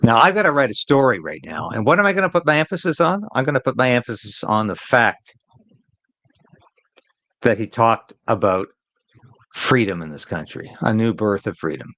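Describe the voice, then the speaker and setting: A man's voice: mid-range voice, sing-song, moderate pace, a bit bright, dry recording, poor audio. A man hosting a live political commentary stream, talking in an emphatic, opinionated way and repeating phrases to drive a point home.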